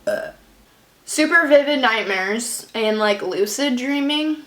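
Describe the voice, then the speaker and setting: A woman's voice: a little high, animated, slow pace, fairly bright tone. Chatty young woman, echoey room. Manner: chatty, rambling, lots of fillers. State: stuffy, runny nose. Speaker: vlogger. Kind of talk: casual pregnancy update vlog. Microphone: camera at close range under a ring light.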